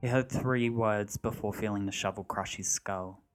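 Man, narrator, low voice, measured steady reading, faint background music. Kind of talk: storytelling narration.

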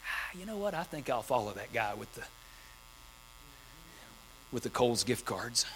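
A man's voice: medium pitch, very animated, unhurried, bright, forceful tone, slight background noise, pitched below the performer's own voice, full character voice, poor audio. A man voicing a greedy, sly male servant who wheedles for money with hesitant fillers. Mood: scheming.

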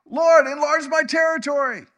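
Preacher playing a guy begging god for blessing, fervent, high and bright. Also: fairly even intonation, moderate pace. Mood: pleading. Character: earnest man pleading to God.

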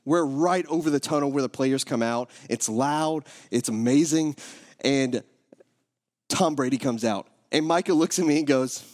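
A man's voice: mid-range voice, moderate pace, darkish tone. A man in his thirties preaching, praying and then telling a joking personal story with many restarts. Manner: joking, self-interrupting storyteller. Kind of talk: sermon with prayer and personal story.

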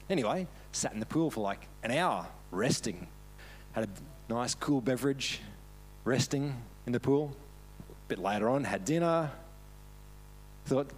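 Animated man preaching a sermon. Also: medium pitch, unhurried, pauses often. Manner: self-deprecating, laughs often while talking. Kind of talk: casual storytelling sermon. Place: church service.

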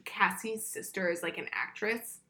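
A woman's voice: medium pitch, moderate pace, bright, forceful tone. A woman co-hosting a podcast, gossiping casually and giggling, with lots of "like". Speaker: podcast co-host. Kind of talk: casual chat.

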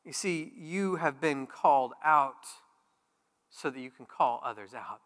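A man preaching a sermon as pastor, speaking plainly and then rising to loud, emphatic peaks. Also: mid-range voice, expressive, measured pace, big-room sound.

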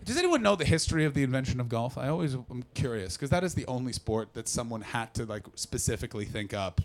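A man from Canada doing brash, profane stand-up crowd work, often jumping into loud shouted voices. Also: medium pitch, lively intonation, quick pace. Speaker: stand-up comedian. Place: comedy club with audience.

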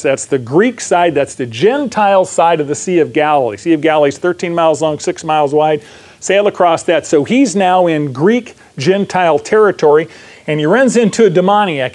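Emphatic male preacher, slightly high voice. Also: a little mellow. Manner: emphatic, repeats phrases, asks the audience "right?". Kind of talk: sermon, verse-by-verse Bible teaching.

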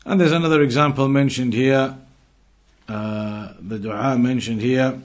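A man teaching an Islamic lesson who recites Arabic passages quickly and then explains them patiently, repeating and rewording phrases. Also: mid-range voice, steady tone. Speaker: religious teacher.

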